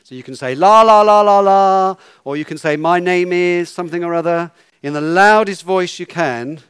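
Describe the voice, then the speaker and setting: A man's voice: a little high, fairly quick, smooth, no echo, studio quality. A man leading a children's talk in church, playful and coaxing, giving instructions.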